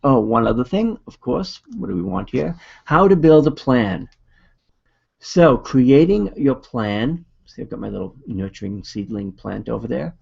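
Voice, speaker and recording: Man, Boston accent, webinar talk, gravelly, husky, dull lo-fi audio. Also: mid-range voice, big pitch swings, unhurried, darkish tone. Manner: casual, upbeat coaching talk with fillers. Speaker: video marketing presenter. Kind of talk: webinar presentation.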